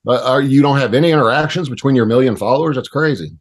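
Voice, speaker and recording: Relaxed man talking fight picks. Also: medium pitch, fast. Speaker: podcast co-host. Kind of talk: casual chat.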